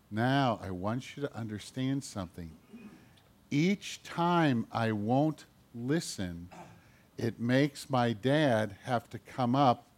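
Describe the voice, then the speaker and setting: A man giving a children's sermon as pastor, in a playful way, asking the children questions. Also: medium pitch.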